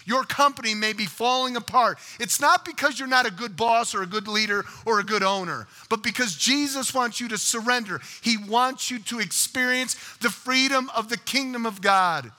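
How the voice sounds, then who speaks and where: A male pastor preaching a sermon, telling stories and acting out the voices in them, swinging from loud to hushed. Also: extremely high pitch, normal speed, hardly any pauses, long reverb tail. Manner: storytelling, acts out voices with big swings in loudness.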